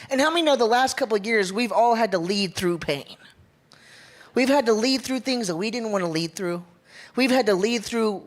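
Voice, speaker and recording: Upbeat Ohio man giving a church talk. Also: sits high. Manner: upbeat, joking, engages the audience. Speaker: church leadership speaker. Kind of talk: casual sermon talk.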